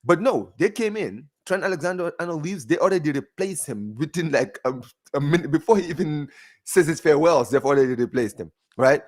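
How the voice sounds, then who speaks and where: A man's voice: on the high side, fairly quick. A man hosting a football podcast, chatting casually and animatedly. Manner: animated, chatty, lots of fillers.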